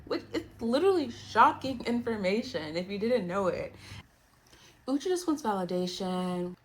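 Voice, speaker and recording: A woman recapping a reality show in a casual, animated, playful way. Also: medium pitch, moderate pace, a little hiss or hum. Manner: animated, playful, quotes others in put-on voices.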